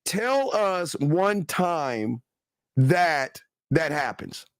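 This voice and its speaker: A man's voice: fairly high pitch, expressive, very slow, dry recording, studio quality. A man co-hosting a live talk show, profane and confrontational, talking animatedly to his audience. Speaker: co-host. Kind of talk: heated livestream talk.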